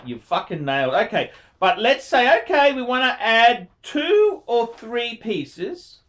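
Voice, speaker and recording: A man in his forties speaks in a high, lively voice full of swoops. He reviews a viewer's watch collection casually, swearing constantly and repeating phrases to drive them home, with effusive enthusiasm. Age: 40s. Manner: profane and emphatic, repeats words for emphasis. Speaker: watch channel host.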